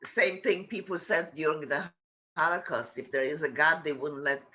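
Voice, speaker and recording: Male comedian with a high, bright voice, plain and matter-of-fact, on a video call. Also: moderate pace, breathy edge, dull audio. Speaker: comedian guest.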